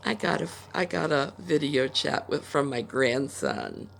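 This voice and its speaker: A woman's voice: very deep voice, huge pitch swings, unhurried, creaky, a bit bright, slight background noise. An older woman from Ohio, USA, hosting a knitting podcast from home in a chatty, rambling way, full of personal asides. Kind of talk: casual chat.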